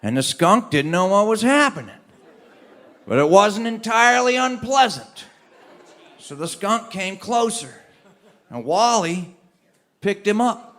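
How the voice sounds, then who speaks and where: A male storyteller telling a funny tall tale to a live audience, animated with comic timing and laughing along. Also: high-pitched, measured pace, long pauses. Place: live stage performance.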